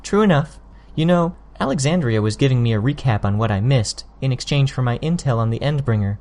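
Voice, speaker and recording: A man reading an audiobook, voicing a sly, smug young woman who needles her opponents with quick, pointed jabs. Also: mid-range voice, expressive, a little mellow, pitched above the performer's own voice, natural voice. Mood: taunting.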